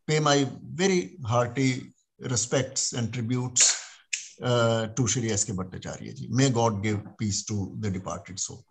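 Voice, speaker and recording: A man giving a solemn, measured memorial tribute over a video call. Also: mid-range voice, slight background noise. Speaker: meeting speaker paying tribute.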